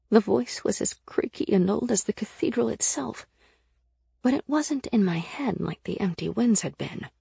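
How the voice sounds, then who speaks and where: A woman reading a novel aloud in first person, with steady scripted narration. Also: medium pitch, gravelly, breathy edge, no room sound, clean studio sound. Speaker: audiobook narrator.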